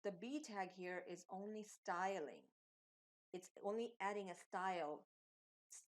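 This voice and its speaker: A woman teaching web design in a screen-recorded tutorial. She talks through the code step by step, with some fillers as she goes. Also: lowish voice.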